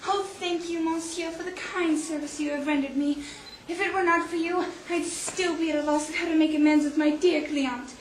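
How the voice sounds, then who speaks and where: A woman plays an earnest young mademoiselle on an amateur stage, her high voice gushing thanks in flowery, formal phrases. The hall around her is echoey. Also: fairly even intonation, moderate pace, a little hiss or hum. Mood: grateful. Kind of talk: amateur stage play acting.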